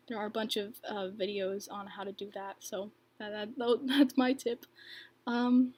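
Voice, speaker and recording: A woman's voice: medium pitch, fairly even intonation, a little fast. A young woman hosting a casual livestream, reading viewer questions and answering in a chatty, filler-heavy way with frequent laughs. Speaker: livestream host and bracelet maker.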